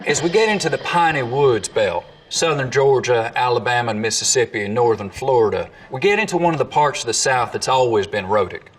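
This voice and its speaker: A man's voice: mid-range voice, expressive, fairly quick, hardly any pauses, husky, far from the mic. Dialect-coach man sounding out examples. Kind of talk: scripted educational narration.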